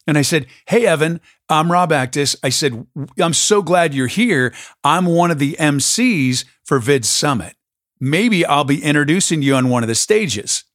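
A man's voice: a little high, expressive, moderate pace, fairly bright tone, no echo, studio quality. A man hosting a podcast, telling a story in a casual, enthusiastic way. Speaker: podcast host. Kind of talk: casual conversation.

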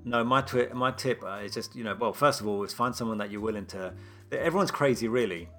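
A man's voice: mid-range voice, brisk, sharp tone, soft background music. A man co-hosting a podcast, chatting casually in a joking, rambling way with lots of fillers. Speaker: podcast co-host. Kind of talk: casual chat.

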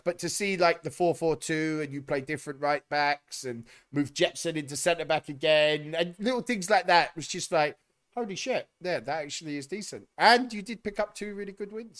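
A man's voice: fairly high pitch, normal speed, hardly any pauses, a bit bright. A man in casual chat, rambling with fillers and casual swearing.

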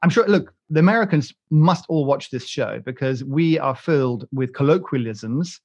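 A man's voice: medium pitch, expressive, moderate pace, darkish tone, lo-fi sound. A British man hosting a podcast, chatting casually in a rambling, joking way with many restarts and fillers. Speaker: podcast host. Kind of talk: casual chat.

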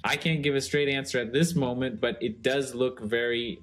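A man co-hosting a casual podcast chat, relaxed and rambling with lots of fillers. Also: medium pitch, normal speed, faint music behind. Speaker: co-host.

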